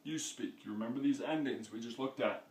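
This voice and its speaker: A man's voice: mid-range voice, fairly quick, a little mellow. A man teaching a lesson, explaining patiently step by step and often checking in with "okay?". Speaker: Spanish teacher. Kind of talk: classroom-style lesson. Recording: echoey room, mic far off.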